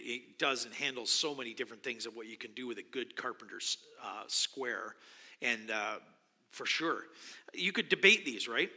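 A man's voice: medium pitch, pushed and bright. A male pastor preaching a sermon in a church, musing and conversational with frequent restarts. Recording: long hall reverb.

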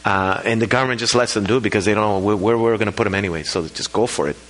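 A man preaching a sermon, telling a congregation a story in a lively storytelling way. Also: fairly low pitch, racing, rough recording. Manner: preaches with rising emphasis and storytelling; talks to the congregation about slides. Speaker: pastor.

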